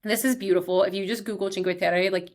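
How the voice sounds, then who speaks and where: A young woman hosting her own show, talking in a chatty, excitable way full of fillers. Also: medium pitch, fast talker. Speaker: podcast host. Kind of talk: casual solo chat.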